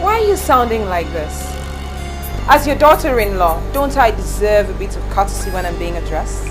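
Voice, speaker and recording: An actress with a Nigerian accent playing a proud, defiant senator's daughter and young wife. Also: female voice, mid-range voice, very animated, normal speed, lightly acted. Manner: defiant, haughty. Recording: echoey room with film music.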